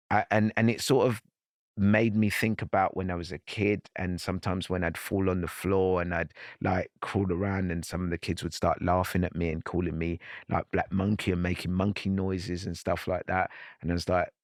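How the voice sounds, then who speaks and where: Low-voiced man telling a personal story. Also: level tone, moderate pace, dry recording, studio quality. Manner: earnest, reflective, with frequent restarts. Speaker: podcast guest.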